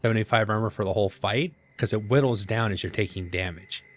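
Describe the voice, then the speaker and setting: Guy playing a game and talking it through, lowish voice, laid back, laughs at himself. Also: fast. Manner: thinking aloud, self-deprecating, chuckles. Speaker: gaming channel host. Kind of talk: casual let's-play commentary. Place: home gaming setup.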